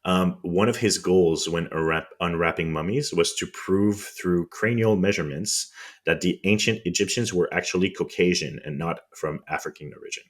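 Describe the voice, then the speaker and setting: A man with a French accent and an extremely low, rumbling voice talks through history on a podcast. He explains in a loose, casual way, pausing on ums and restarting hard words. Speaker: podcast co-host.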